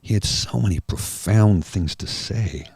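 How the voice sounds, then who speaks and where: A man hosting a soft-spoken ASMR livestream, talking slowly and earnestly and answering viewers by name. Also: on the low side, gravelly, slightly rough, no room sound, clean studio sound. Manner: slow, earnest and heartfelt, addressing viewers by name. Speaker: livestream host.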